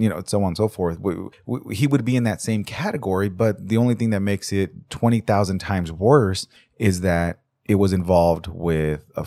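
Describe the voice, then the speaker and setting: A man hosts a true-crime podcast in a casual, rambling way, swearing often and stammering through restarts. His voice sits a little low. The sound is dry and close to the mic. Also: darkish tone, dry recording. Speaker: podcast host.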